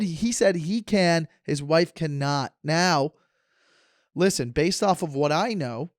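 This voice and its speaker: A man's voice: fairly high pitch, a little slow, no echo, clean studio sound. A man in his thirties hosting a podcast, sarcastic and joking as he wanders from tangent to tangent in casual chat. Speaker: podcast host. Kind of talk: casual rambling monologue.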